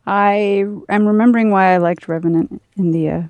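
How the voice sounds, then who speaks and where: A woman playing along on a livestream, chatting casually in a low-key way with short replies that trail off. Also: fairly even intonation, brisk, no room sound, muffled recording. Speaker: co-player. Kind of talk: casual gameplay chat.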